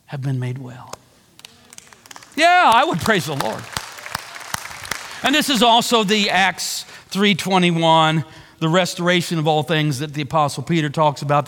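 A man's voice: sits high, fairly bright tone, long reverb tail. A man preaching a sermon, with earnest, repeated emphasis and a preacher's cadence. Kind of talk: sermon-style teaching on a book.

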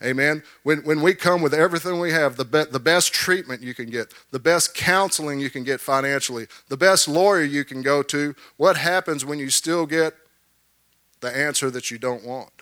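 A man preaching a sermon, animated, repeating words and calling for amens from the congregation. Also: fairly high pitch, moderate pace, dry recording, studio quality.

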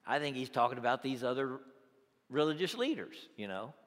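A man preaching, his voice carrying through a large hall with a long reverb tail. He swings from loud, exclamatory peaks down to quiet, conversational asides. His pitch sits in an ordinary middle range. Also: expressive, normal speed. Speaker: pastor. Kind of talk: sermon.

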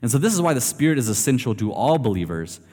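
A man delivers a sermon in a relaxed, chatty way, telling stories with lively swings in his delivery. His medium voice rings out in a big hall with a long reverb tail. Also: mid-range voice, quick pace. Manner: conversational, animated storytelling. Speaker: preacher.

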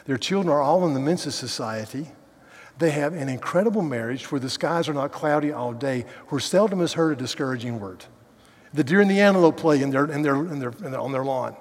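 A man preaching a sermon as a pastor, animated, going from loud sarcasm to quiet earnestness. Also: fairly high pitch, a little fast. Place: large church hall. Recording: hall reverb.

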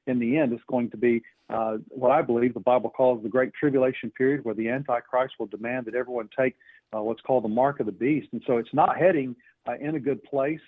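An earnest male guest speaks through a tinny phone line, his voice a touch husky. He stumbles through restarts and fillers as he explains his points, and the sound is dry and close. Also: mid-range voice, no room sound. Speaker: author guest.

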